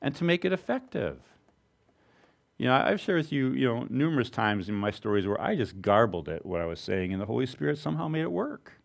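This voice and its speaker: A man preaching a sermon to his congregation in a relaxed, conversational way, with informal asides and self-deprecating humor. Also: mid-range voice, brisk, vocal fry. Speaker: pastor.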